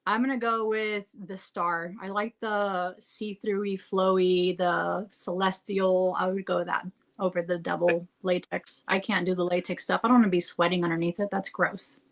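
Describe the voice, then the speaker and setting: A woman's voice: lowish voice, little pitch movement, normal speed, hardly any pauses. A woman who is a guest on a podcast, chatting casually, often stumbling and restarting her sentences, with many uses of "like". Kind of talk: casual chat.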